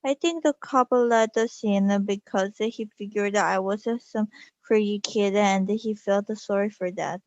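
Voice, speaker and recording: Slow, careful woman reading a storybook. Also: medium pitch, fairly even intonation, dry recording, lo-fi sound. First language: Korean. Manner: slow, careful, with small restarts. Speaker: reader. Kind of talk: storybook read-aloud.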